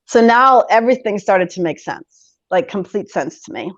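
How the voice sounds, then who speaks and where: A woman in her forties, a podcast guest telling a personal story in conversation, animated and quick to laugh as she acts out her past reactions. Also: medium pitch, no room sound. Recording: dull lo-fi sound, dry.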